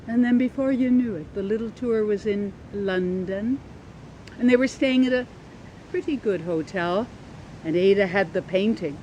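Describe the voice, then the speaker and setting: A woman's voice: medium pitch, normal speed, warm tone, highs cut off, a little hiss or hum. A woman storyteller telling an original tale in a leisurely, descriptive, lilting way, recorded outdoors by a pond. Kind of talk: oral storytelling.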